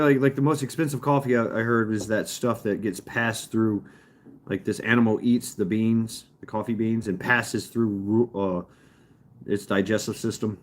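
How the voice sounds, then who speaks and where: A man casually chatting and rambling with live viewers as a stream host, often chuckling. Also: mid-range voice. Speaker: livestream host. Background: fireworks popping outside.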